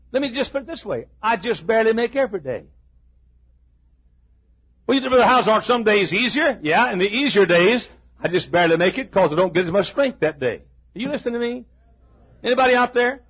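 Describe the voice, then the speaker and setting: An older man preaching a sermon, emphatic, with stammered restarts and shouted peaks. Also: high-pitched, breathy edge, highs cut off.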